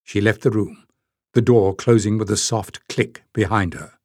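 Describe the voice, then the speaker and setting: A man narrating an audiobook in a measured, even way. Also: lowish voice, no echo, clean studio sound. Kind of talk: scripted narration.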